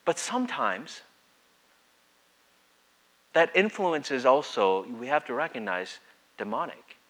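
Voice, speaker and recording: Speaking slowly in a mid-range voice, a male pastor delivers a sermon in a conversational style. As he reads from scripture, he performs the quoted lines with animated voices.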